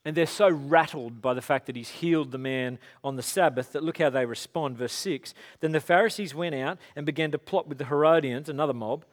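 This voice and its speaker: A man's voice: a little high, brisk, hardly any pauses. A man giving a casual, conversational sermon, telling stories and acting out quotes. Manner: casual, animated storytelling with acted-out quotes. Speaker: pastor.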